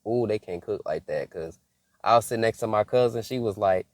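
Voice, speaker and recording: Animated young man telling a story. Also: on the low side, fairly quick, dry recording, studio quality. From Michigan. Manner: animated, laughing often, mock-scolding asides. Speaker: faith vlogger. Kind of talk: casual storytelling monologue.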